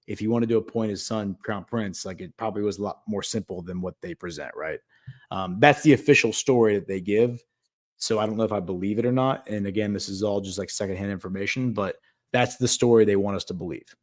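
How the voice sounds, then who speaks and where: Man, lowish voice, casual rambling storyteller, lots of "like" and "um". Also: fairly quick. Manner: rambling, filler-heavy, acts out quotes. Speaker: podcast host.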